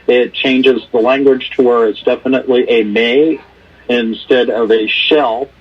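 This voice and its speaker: A man calls in to testify, earnest and firm, now and then tripping over his words. His voice is husky. The line sounds dull and lo-fi. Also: mid-range voice, steady tone, a little slow. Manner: earnest, firm, stumbling restarts. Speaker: caller testifying at a hearing. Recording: muffled phone line.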